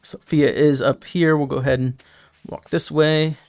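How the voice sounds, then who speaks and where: Young male let's-play host, rambling and casual, higher voice. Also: fairly even intonation, moderate pace, gravelly, a little mellow, clear, resonant tone. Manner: rambling, chatty, self-correcting. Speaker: gaming host.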